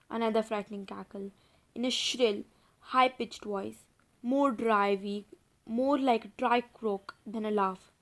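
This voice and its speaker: A woman narrating a children's horror audiobook in a suspenseful storytelling manner, now and then speaking directly to her listeners. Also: fairly high pitch. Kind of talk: dramatic audiobook reading.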